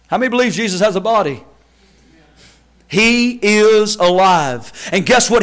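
High, bright-voiced preacher who rises to shouts. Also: male voice, poor audio. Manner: emphatic preaching that swells to shouts, then drops low; reads scripture aloud in a slow, stretched cadence. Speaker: pastor. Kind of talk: sermon. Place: church service.

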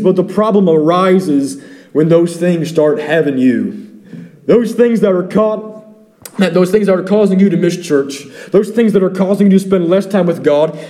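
A man's voice: high-pitched, warm tone. A man preaching a sermon as pastor, reading scripture and pressing his congregation with repeated questions.

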